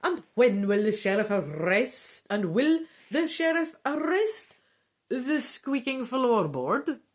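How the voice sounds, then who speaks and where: A woman voicing an indignant, shrill countess who scoffs at the idea of calling the police. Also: big pitch swings, slow pace. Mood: scornful. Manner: shrill, scornful. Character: shrieking indignant older countess.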